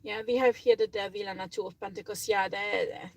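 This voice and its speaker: Gravelly-voiced woman reading tarot cards. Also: medium pitch, steady tone, brisk, slight background noise, poor audio. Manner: chatty, blunt, swears freely, many fillers. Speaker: tarot reader.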